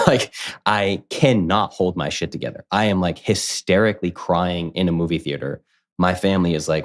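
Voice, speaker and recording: A man in his thirties, a podcast guest, telling a personal story in casual conversation, candid and animated, acting out what others said. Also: low voice, moderate pace. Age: 30s. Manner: candid, animated, quotes people in lively voices.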